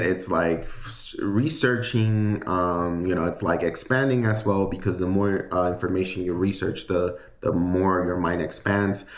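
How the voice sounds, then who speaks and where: Male tarot reader, deep voice, loose rambling delivery, echoey room sound. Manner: chatty, rambling, many fillers and restarts. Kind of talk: casual livestream tarot reading.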